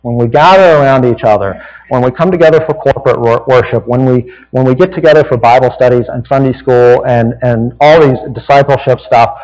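A man's voice: medium pitch, fairly quick, a little mellow, long reverb tail, low-quality recording. A man with a Southern American accent preaching a sermon as a pastor, in a folksy, conversational way that keeps checking in with "right?".

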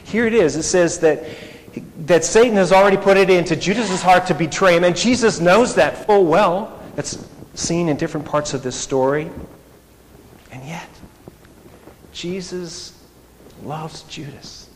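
A man preaching a sermon in an animated, conversational way, full of rhetorical questions. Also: high-pitched, moderate pace. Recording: echoey hall, faint noise.

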